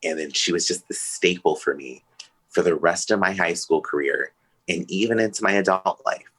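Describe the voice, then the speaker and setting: Podcast guest, male, low pitch, forceful tone, candid and emotional storytelling. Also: normal speed, breathy edge, low-quality recording. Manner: emotional, earnest, open.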